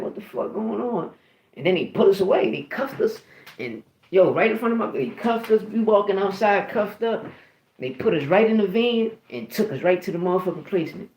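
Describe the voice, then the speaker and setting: A man's voice: high voice, a little mellow, reverberant, rough recording. A man, telling stories in a casual, profane, rambling way full of restarts and "you know what I mean". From Philadelphia, USA. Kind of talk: casual storytelling.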